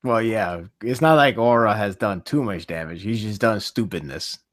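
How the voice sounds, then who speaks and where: A man hosting a podcast in casual chat, laughing often and jumping between quick tangents. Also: on the low side. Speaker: podcast host.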